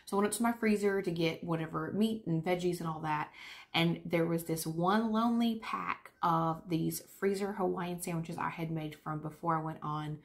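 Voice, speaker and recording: A woman's voice: lowish voice, moderate pace. A young woman chatting casually to camera while eating lunch. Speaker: vlogger. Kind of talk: casual chat.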